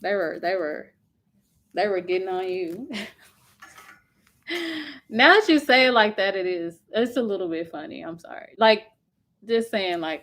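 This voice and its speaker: A woman's voice: mid-range voice, expressive, a little slow, pauses often, a bit bright. Chatty woman hosting a livestream. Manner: chatty, sympathetic, fillers like "y'all". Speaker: livestream host. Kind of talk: casual live chat reading viewer comments.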